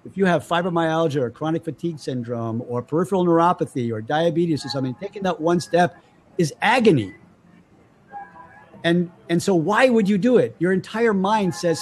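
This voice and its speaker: Appearing as an interview guest, a man with a somewhat high voice talks briskly and casually, with a little hiss or hum in the audio. He tells stories animatedly, acting out the voices of the people in them.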